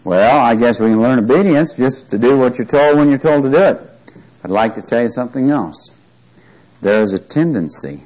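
A man's voice: medium pitch, animated, moderate pace, a little mellow, poor audio. Man teaching a Bible study. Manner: asks the listeners questions often; reads scripture aloud with emphasis.

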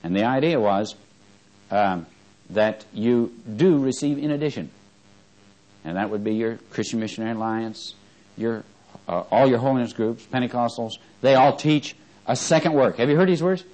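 A man's voice: moderate pace, poor audio. Male preacher in the pulpit, fervent, call-and-response questioning. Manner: swings from fervent rising emphasis to low quiet asides, asks the congregation questions. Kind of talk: sermon.

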